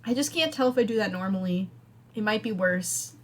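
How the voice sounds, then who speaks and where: A young woman with a Wisconsin accent co-hosts a casual podcast. She tells stories and pokes fun at herself in a dry, wry way, and her pitch sits in an ordinary middle range. A faint hiss runs behind the recording. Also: fairly quick. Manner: wry, self-deprecating storyteller. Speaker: podcast co-host. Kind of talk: casual chat.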